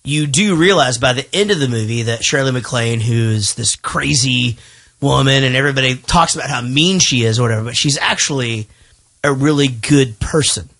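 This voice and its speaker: A man's voice: medium pitch, normal speed, a bit bright. Guy hosting a movie podcast, swears a lot, rambly and jokey. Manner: profane, joking, rambling. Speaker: podcast host. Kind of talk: casual movie-review chat.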